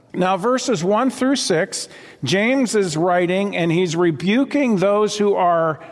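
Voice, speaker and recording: A man's voice: high-pitched, in a large hall. A man preaching a sermon as pastor, earnest and conversational, often repeating phrases for emphasis.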